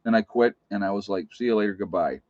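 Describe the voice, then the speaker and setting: Low-pitched man, blunt working nurse, casual vlog; dry, dull-sounding recording. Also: quick pace, darkish tone, dry recording. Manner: blunt, plainspoken, emphatic.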